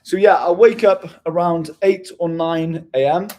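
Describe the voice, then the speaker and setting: An energetic man talking casually to his viewers from his apartment, swearing freely as he chats. His voice sits a little high for a man. The room gives the sound a noticeable echo. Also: unhurried. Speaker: travel vlogger. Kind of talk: casual chat to camera.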